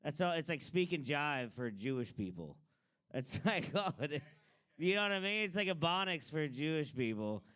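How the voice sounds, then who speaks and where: A man hosts an open mic and riffs through his stand-up bit. He rambles in a loose, filler-heavy way, and his voice comes through clear and smooth, sitting a little high. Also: very animated, moderate pace, a bit bright, no echo. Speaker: open mic host and comic. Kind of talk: stand-up comedy.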